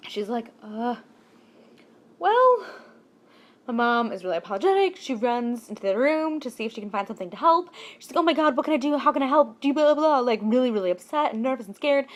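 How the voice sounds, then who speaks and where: Woman vlogger, high voice, expressive and jokey storytime telling. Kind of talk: casual storytime narration.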